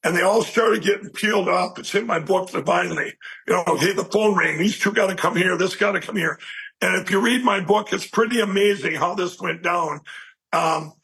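Husky high-voiced man telling a story. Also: normal speed, low-quality recording. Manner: animated, rambling storyteller who acts out quoted speech. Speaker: interview guest. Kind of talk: personal storytelling.

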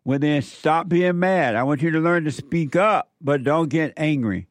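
Slow, emphatic man with a high voice. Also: no room sound. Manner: slow, emphatic, repeats his points. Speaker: call-in show host. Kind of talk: advice talk with a caller.

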